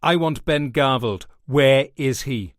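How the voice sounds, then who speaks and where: A man's voice: medium pitch, slow pace, no echo, studio quality, natural voice. A man voicing a brutal, hot-headed police detective who talks harshly and with contempt. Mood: angry.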